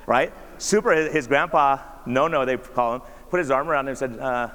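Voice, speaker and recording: A man's voice: medium pitch, brisk, hardly any pauses, a bit bright. A man, a doctor, giving a conversational talk with slides, often asking the audience rhetorical questions. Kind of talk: conference presentation with slides. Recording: reverberant hall.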